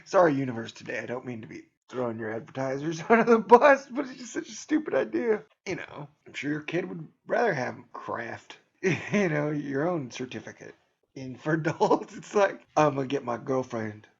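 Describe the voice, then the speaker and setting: A man's voice: on the high side, big pitch swings, moderate pace, creaky, breathy edge, lo-fi sound. A man hosting his own video channel, rambling through a sarcastic, jokey monologue and laughing at his own jokes. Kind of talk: casual joking monologue.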